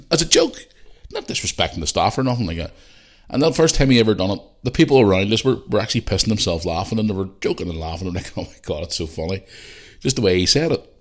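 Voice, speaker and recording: A middle-aged man with a Northern Irish accent hosting a podcast, rambling and swearing, and growing heated and loud. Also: on the low side, animated, fast talker. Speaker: podcast host. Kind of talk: casual monologue.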